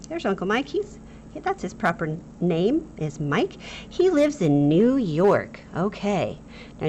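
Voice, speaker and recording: A woman's voice: low-pitched, a little hiss or hum. A woman teaching a grammar lesson for children in a playful, jokey way, talking straight to the pupils.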